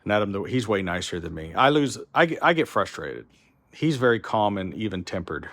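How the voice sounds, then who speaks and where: In this loose vlog tour of his large warehouse workshop, the shop owner sounds frustrated and frequently restarts what he's saying. His fairly low, slightly bright voice moves fairly quickly with big pitch swings.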